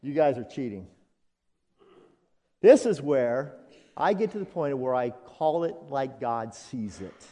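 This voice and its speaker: Slow-preaching pastor in a reverberant hall. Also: male voice, mid-range voice, lively intonation, mellow. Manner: leads congregation call-and-response. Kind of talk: sermon. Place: church sanctuary. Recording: long reverb of a church hall.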